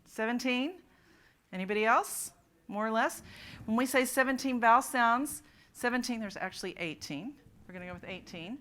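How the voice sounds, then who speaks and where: A woman's voice: on the high side, moderate pace, fairly bright tone. A woman presenting a phonics workshop at a conference, quizzing her audience of teachers. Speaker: literacy presenter. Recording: conference talk in a hall.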